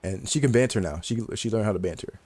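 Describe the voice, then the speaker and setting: A man's voice: lowish voice, fast talker, warm tone. A young man telling a casual story to the camera, slangy and joking, laughing often as he talks. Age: young adult. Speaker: vlogger.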